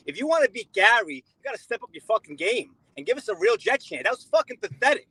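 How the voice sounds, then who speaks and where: A foul-mouthed male caller rants in a high, lively voice with a bright, slightly husky edge, dry and close. He berates relentlessly, a curse in nearly every sentence. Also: quick pace, hardly any pauses, no echo, low-quality recording. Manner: aggressive, swears constantly, scolding. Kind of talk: profane call-in rant.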